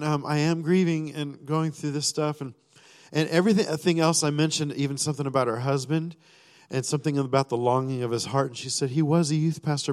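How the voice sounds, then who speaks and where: A man sharing a personal testimony during a sermon, rambling with many fillers and restarts, and acting out his own thoughts and prayers. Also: fairly high pitch. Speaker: church speaker sharing a testimony. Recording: long reverb of a large hall.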